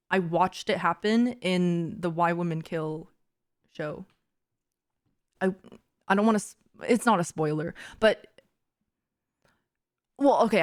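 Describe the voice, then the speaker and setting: A young woman livestreamer chatting casually and frankly, laughing often and saying "like" a lot. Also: medium pitch. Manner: frank and giggly, peppered with "like". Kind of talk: casual chat.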